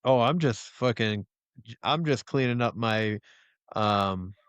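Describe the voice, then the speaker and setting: A man on a podcast, telling a crude story in an animated way with lots of swearing. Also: mid-range voice, slow pace, smooth, no room sound. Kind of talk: casual chat.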